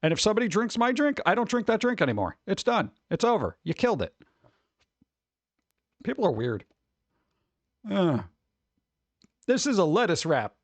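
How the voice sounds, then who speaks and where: A man hosting a casual stream, chatting and riffing on viewer messages in a rambling, jokey way with animated rants. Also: high-pitched, moderate pace, long pauses, no echo. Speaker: streamer host.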